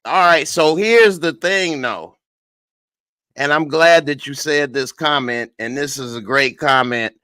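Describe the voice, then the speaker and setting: A man's voice: fairly high pitch, a little slow, pushed and bright, smooth, dry recording. A man reviewing a TV episode in casual live-stream chat, tired and laid-back, reading viewer comments. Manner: laid-back, slangy, tired late at night. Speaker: TV show reviewer.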